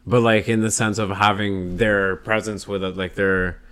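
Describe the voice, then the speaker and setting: A man's voice: fairly low pitch, level tone, moderate pace, a bit bright, clear, resonant tone. A man co-hosting a podcast in casual chat, rambling and swearing with lots of fillers. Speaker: podcast co-host.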